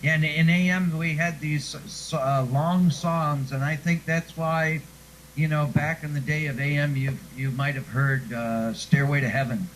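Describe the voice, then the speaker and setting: A man's voice: on the high side, fairly even intonation, unhurried, a little hiss or hum, poor audio. A man being interviewed who once read radio news, telling chatty stories and laughing often. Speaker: guest; former radio newscaster. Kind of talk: casual chat.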